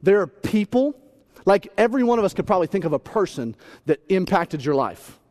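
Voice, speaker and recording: Animated high-voiced male preacher. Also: fairly quick. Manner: animated, playful, acts out voices and shouts. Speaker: pastor. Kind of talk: humorous sermon.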